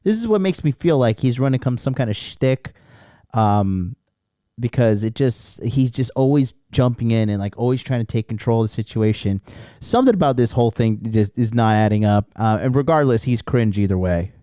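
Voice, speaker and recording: Man, mocking reaction commentary, dark mellow tone, dry close sound. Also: mid-range voice, lively intonation, normal speed, no room sound. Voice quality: scornful, profane. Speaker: commentator reacting to a podcast clip.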